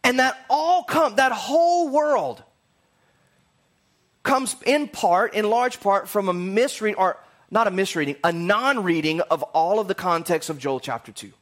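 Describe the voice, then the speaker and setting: A man's voice: sits high, animated, a little slow, a bit bright. A man teaching a casual sermon, conversational and rambling with jokey asides.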